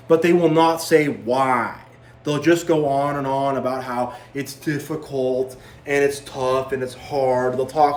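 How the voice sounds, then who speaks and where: A man's voice: medium pitch, steady tone, measured pace, echoey room. A man giving a preachy, repetitive monologue as a spiritual vlogger, warning listeners and mocking others in quoted voices. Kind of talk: impassioned monologue to camera.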